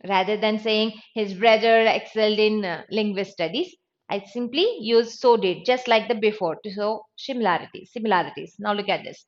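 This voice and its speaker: A woman's voice: mid-range voice, lively intonation, a little slow, highs cut off. A woman teaching an English grammar lesson, explaining step by step and stressing each example sentence.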